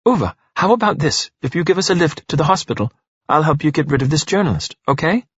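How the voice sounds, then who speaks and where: Male reader playing young mum, frazzled, coaxing, a bit higher, storybook voice. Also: expressive, a little fast, slightly rough, no room sound, highs cut off. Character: kind, exasperated young mother.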